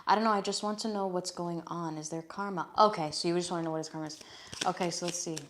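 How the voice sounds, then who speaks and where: A woman's voice: lowish voice, steady tone, a little fast, a bit bright, a little hiss or hum. A young woman giving a casual live-stream tarot reading, chatty and frank, often swearing and checking in with "okay?". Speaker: tarot reader.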